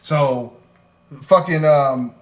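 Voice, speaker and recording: A man in casual podcast chat, retelling wrestling segments with lots of swearing and animated storytelling. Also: fairly high pitch, drawn-out words, roomy sound. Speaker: podcast co-host.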